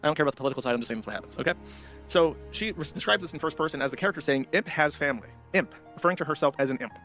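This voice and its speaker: A man's voice: on the high side, lively intonation, very fast, bright, forceful tone, soft background music. A man hosting a livestream, giving blunt, mocking commentary on video clips. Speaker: streamer host.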